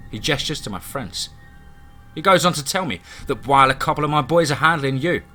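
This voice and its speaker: A man narrating a first-person horror story in a steady, dramatic storytelling manner. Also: mid-range voice.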